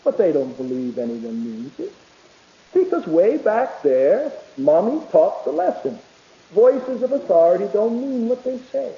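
Male preacher, sermon delivery, emphatic swings from loud to soft; high mellow voice, muffled lo-fi recording. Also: big pitch swings, unhurried. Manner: reads quotations aloud. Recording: dull lo-fi recording.

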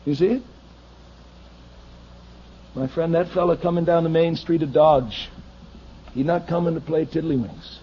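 A pastor preaching a fiery sermon to his congregation, swinging from hushed asides to shouted pleas, heard on a dull lo-fi recording with faint hiss. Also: fairly high pitch, a little slow, pauses often.

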